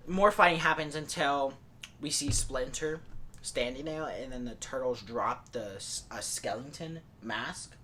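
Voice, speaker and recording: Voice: medium pitch, unhurried, sharp tone, slight background noise. A podcast host casually retelling a movie plot in a rambling way, full of fillers like "like" and "and stuff".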